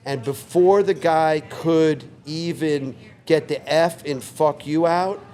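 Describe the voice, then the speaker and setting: A man in his sixties, a longtime bar owner, telling a story in a relaxed, vivid way on a couch in his bar. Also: a little high, slow. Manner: relaxed, vivid anecdote teller who acts out quoted lines. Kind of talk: casual storytelling interview.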